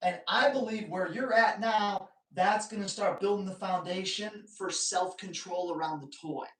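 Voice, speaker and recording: A man's voice: high voice, moderate pace, fairly bright tone. A man hosting a live dog training Q&A, giving blunt, emphatic advice in short, punchy commands. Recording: roomy, distant from the mic.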